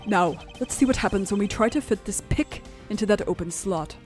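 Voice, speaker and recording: A woman reading the lines of a composed, formal male prosecutor in a video game, in a measured, confident way. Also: mid-range voice, a little mellow, faint music behind, lightly acted.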